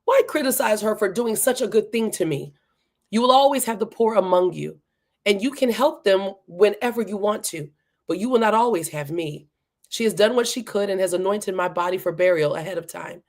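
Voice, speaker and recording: A woman reading a solemn, calm teacher. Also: mid-range voice, normal speed, lightly acted.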